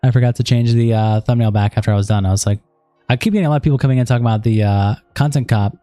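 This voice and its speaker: A man streaming, reading chat logs aloud at a steady pace and breaking off into rambling casual asides full of fillers. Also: mid-range voice, rapid-fire, no room sound, faint music behind.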